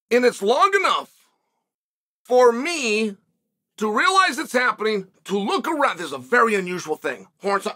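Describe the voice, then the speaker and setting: Middle-aged guy rambling a road story in a studio, high voice, bright and a bit husky. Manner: animated, acts out shouted quotes. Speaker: show host. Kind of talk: casual monologue storytelling.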